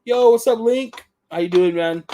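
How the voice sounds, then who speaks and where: A man's voice: high voice, normal speed, dark tone. Laid-back man chatting on a stream. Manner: laid-back, says "dude" and "dope". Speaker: podcast co-host. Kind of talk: casual live-stream chat.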